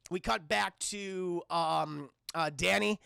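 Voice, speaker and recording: A man's voice: high-pitched, slow pace, vocal fry, clear, resonant tone, no room sound, clean studio sound. A man casually recapping a film scene by scene for his stream chat, rambling and profane. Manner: animated, profane, rambling storytelling.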